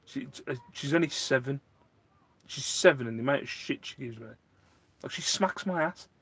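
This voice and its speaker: A man's voice: medium pitch, moderate pace, slightly rough. A man, hosting a casual live stream, rambling and answering viewer chat, getting worked up at times. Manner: rambling, animated, gets worked up.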